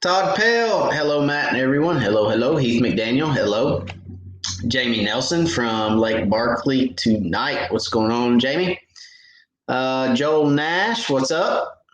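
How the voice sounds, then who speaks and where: A man's voice: mid-range voice, lively intonation, takes it slowly, slight background noise. Man, folksy, middle-aged, casual livestream host, reads out viewer comments, echoey room. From Knoxville, Tennessee.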